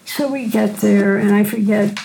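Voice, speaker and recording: An older woman, a physician and teacher, telling stories in a gentle, unhurried way during a conversation. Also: medium pitch, fairly even intonation, creaky, a little hiss or hum, rough recording. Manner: gentle unhurried storyteller, frequent "right?". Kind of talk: storytelling in a conversation.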